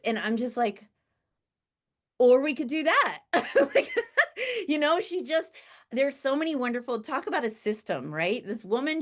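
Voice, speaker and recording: A woman introducing a guest in a heartfelt, casual way. She talks with many fillers and restarts, laughs often, and acts out the voices of people she quotes. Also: mid-range voice. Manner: chatty and warm-hearted, with frequent fillers and self-corrections.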